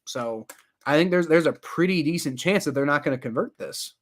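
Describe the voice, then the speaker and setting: A young man talks through a football game live, half commentary and half reaction, rambling with lots of fillers. His voice sits a bit higher than most men's, and he gets loud and exasperated when the play annoys him. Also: fairly quick. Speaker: sports reaction streamer.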